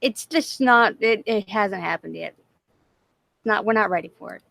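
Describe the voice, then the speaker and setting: A woman's voice: mid-range voice, moderate pace, gravelly, a bit bright, dry recording. A woman with a Boston accent co-hosting a casual livestream chat, brash, teasing and full of swearing. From Massachusetts, USA. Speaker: livestream co-host.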